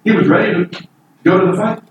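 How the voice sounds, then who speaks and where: A man's voice: high-pitched, fairly even intonation, fairly quick, dull audio. A man preaching a Bible sermon in an earnest, emphatic way, voice lifting on key points. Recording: echoey room from far off with faint noise.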